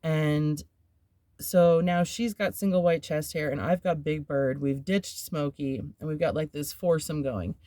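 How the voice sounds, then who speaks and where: A woman's voice: low-pitched, measured pace, dark tone, dry recording, clean studio sound. A woman hosting a podcast, telling a personal story in a candid, rambling way, with filler words and nervous laughs. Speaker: podcast host.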